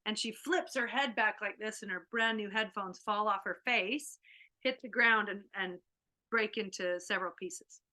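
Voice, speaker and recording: Bright-voiced woman telling a story. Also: mid-range voice, normal speed. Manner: animated, acts out a child's panic. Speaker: workshop host. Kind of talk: storytelling to an online group. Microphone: video call.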